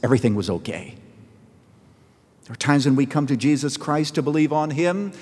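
A man's voice: medium pitch, expressive, moderate pace, a little mellow, husky. Earnest preacher man in a reverberant hall. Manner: earnest, storytelling preacher, rising emphasis on key phrases. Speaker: pastor. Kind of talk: sermon.

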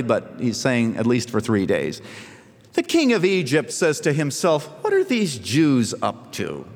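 A man preaching a sermon as pastor, animated, his voice swinging up and down to drive points home. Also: mid-range voice. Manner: animated preaching, voice rising and falling sharply. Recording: long reverb of a large hall.

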